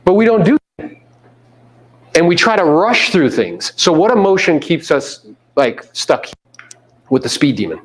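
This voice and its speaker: A man's voice: a little high, measured pace, pauses often, husky. Man coaching a live room. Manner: animated, acts out people's voices, coarse slang. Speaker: real estate coach. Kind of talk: live seminar talk to an audience.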